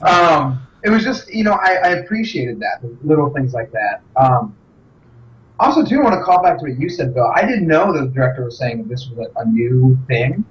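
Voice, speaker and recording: A man co-hosting a casual podcast chat, relaxed and hesitant, with frequent ums and restarts. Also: mid-range voice, moderate pace, muffled recording. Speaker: podcast co-host. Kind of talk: casual chat over drinks.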